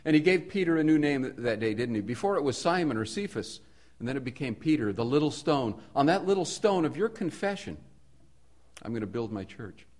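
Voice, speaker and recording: A man preaching a sermon at a middle pitch, earnest and steady. He stacks repeated phrases to build emphasis. He drops to quiet, low passages, then rises to forceful ones. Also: a little fast. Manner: earnest, rhetorical repetition, swings between soft and emphatic.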